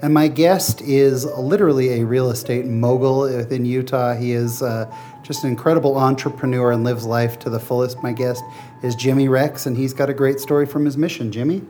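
A man hosting a podcast, introducing his guest with measured, formal delivery. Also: mid-range voice, fairly even intonation, warm tone, soft background music. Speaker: podcast host.

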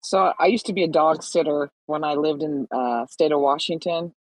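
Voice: mid-range voice, normal speed, dry recording, rough recording. A participant in a casual online group chat, greeting everyone in a friendly way and telling a light anecdote with giggles. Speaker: participant in a community talk show.

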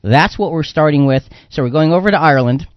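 A man hosts a Christian radio talk show in a loose, rambling way, circling back over his words with lots of fillers. His voice sits a bit high, recorded dry and close with a dull, lo-fi tone. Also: fast, no echo. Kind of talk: casual Christian radio discussion.

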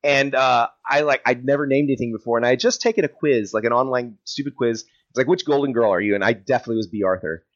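A man's voice: mid-range voice, fast talker, few pauses. A man being interviewed as a podcast guest in casual chat. He rambles, restarts his sentences and giggles often. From South Texas. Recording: dull lo-fi sound.

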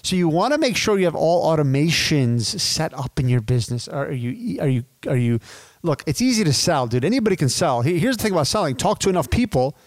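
A man in his thirties teaching business as a podcast guest, animated and casual, addressing listeners as dude and my friends. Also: fairly high pitch, brisk, no room sound. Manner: acts out sales calls in quoted voices.

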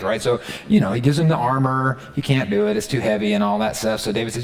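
Conversational and animated, this pastor retells a story during his sermon, repeatedly checking in with the audience. He speaks fairly quickly in a creaky, medium-pitched voice, barely pausing.

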